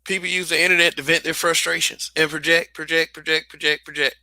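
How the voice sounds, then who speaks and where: A man's voice: fairly high pitch, flat delivery, quick pace, sharp tone, dry recording. A man hosting a livestream, talking casually and bluntly, swearing, restarting sentences and repeating phrases for emphasis. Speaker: livestream host.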